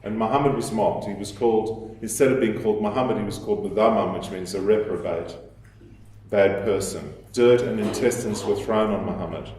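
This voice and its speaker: A man giving a lecture in a measured, explanatory way, with fillers and restarts as he thinks aloud. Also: lowish voice, a little mellow, slight background noise. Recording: echoey hall, voice from a distance.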